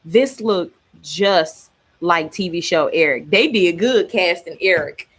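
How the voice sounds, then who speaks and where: A woman's voice: lowish voice, expressive, slow, a bit bright, slightly rough. Chatty, cussing woman reading comics. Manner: chatty, profane, laughs often. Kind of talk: casual reaction reading.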